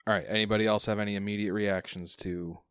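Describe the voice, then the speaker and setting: A man acting as game master, explaining rules in a measured way with frequent restarts. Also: fairly low pitch, little pitch movement, fairly bright tone, clear, resonant tone, no room sound, clean studio sound. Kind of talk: running a tabletop game.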